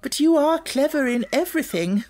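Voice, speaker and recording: A man's voice: very high voice, expressive, moderate pace, pitched above the performer's own voice. A man doing a stern old schoolmistress. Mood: stiffly approving. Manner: sharp, clipped, then stiffly approving. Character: stern, cold older schoolmistress.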